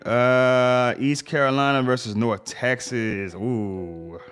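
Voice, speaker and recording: A man's voice: mid-range voice, fairly even intonation, slow, fairly bright tone, soft background music. A man hosting a sports livestream, reading game scores in a casual rundown and reacting to each result with slang asides.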